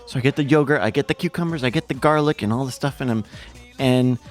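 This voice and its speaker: This stream host, pitched at medium and talking quickly, commentates marble races live from his ring-lit home setup. He keeps wandering off into goofy, self-deprecating tangents, stopping and restarting as he goes, with soft music in the background.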